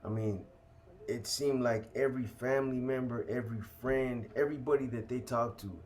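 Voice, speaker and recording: A man's voice: mid-range voice, fairly even intonation, normal speed, darkish tone. A man casually telling a story from his own life, full of street slang and swearing, often tacking "man" onto the end of a sentence. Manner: street slang, heavy cursing, keeps adding "man".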